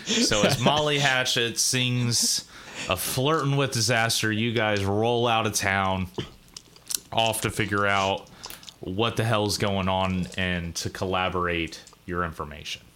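A man narrating a tabletop game as game master, casual and halting with fillers. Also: fairly low pitch, steady tone, sharp tone, a little hiss or hum.

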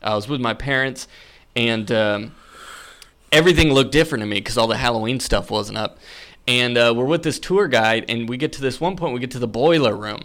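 A young man recounts a ghost story in relaxed podcast conversation. He leans on fillers and restarts, and his voice jumps when he acts out the scary moments. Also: mid-range voice, a little fast. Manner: animated, filler-heavy storytelling. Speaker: podcast guest. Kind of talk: casual storytelling.

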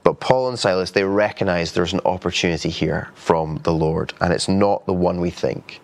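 A man's voice: low-pitched, normal speed, gravelly. A man preaching a sermon in an earnest, conversational way, with frequent restarts. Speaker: pastor.

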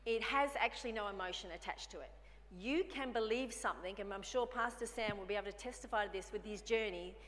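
A woman's voice: medium pitch, fast talker, a bit bright, long reverb tail, a little hiss or hum. A woman preaching a sermon in a conversational way, often acting out little dialogues with herself. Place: church hall.

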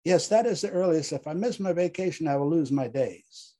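A man voicing a busy female therapist who talks in a hurried, apologetic way. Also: fairly high pitch, lively intonation, warm tone, pitched above the performer's own voice.

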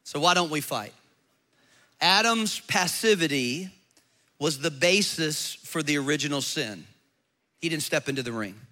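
A man's voice: a little high, expressive, measured pace, pauses often, bright, forceful tone. A man preaching a sermon as pastor, emphatic and joking, with rhetorical questions to the congregation.

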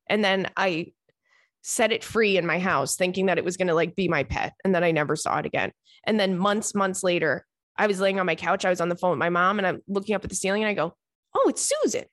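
A woman hosting a podcast, telling funny stories in a chatty, animated, self-mocking way. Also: fairly low pitch, no room sound, studio quality. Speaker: podcast host. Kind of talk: casual comedic storytelling.

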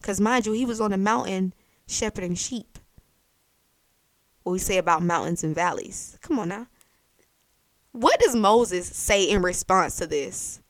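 A young adult woman hosting a faith podcast, telling a Bible story in a lively, chatty way. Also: mid-range voice, unhurried, pauses often, dry recording. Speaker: podcast host. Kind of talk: faith-based podcast talk.

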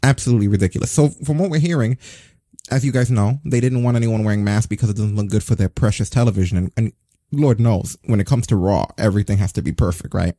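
Sarcastic man with a dark husky voice. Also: lowish voice, quick pace, no echo, clean studio sound. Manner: sarcastic, swearing, animated. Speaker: podcast host. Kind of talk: casual wrestling news chat.

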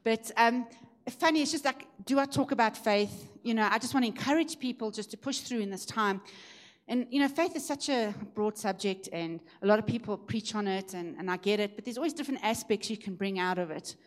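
A woman preaching a testimony, telling the story in a lively way and growing emphatic at the high points. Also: brisk. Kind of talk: sermon testimony.

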